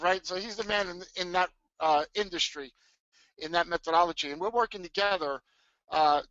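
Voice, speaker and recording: A middle-aged man hosting a live trading webinar from his home, talking in an excitable, hyped way full of restarts. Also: high voice, no echo. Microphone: webcam mic. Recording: dull lo-fi webcam audio.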